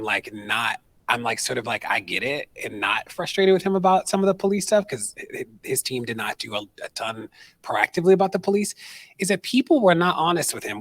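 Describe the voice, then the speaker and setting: Male activist speaker, 30s, husky, animated storyteller who acts out the people he quotes. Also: mid-range voice, no echo. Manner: animated, quotes people in put-on voices, conversational with fillers. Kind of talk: storytelling on stage, answering audience question. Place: stage at an event.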